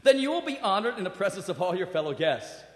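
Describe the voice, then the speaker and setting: A man preaching a sermon and telling a personal story, animated, with acted quotes and laughter. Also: high-pitched, quick pace. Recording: roomy hall with long reverb.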